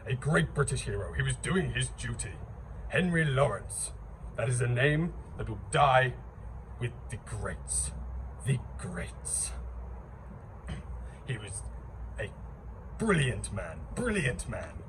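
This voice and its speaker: A man's voice: medium pitch, big pitch swings, takes it slowly, long pauses. A man playing a rambling, theatrical British siege survivor in an improvised comedy sketch. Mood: reminiscing. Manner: rambling, theatrical, patriotic bluster. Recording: distant mic with noise.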